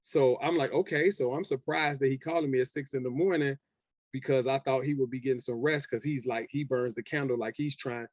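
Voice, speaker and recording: A man's voice: mid-range voice, steady tone, fairly quick, no echo. A rapper in his forties telling a story in an interview, acting out both sides of an old phone call. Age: 40s. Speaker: rapper, guest.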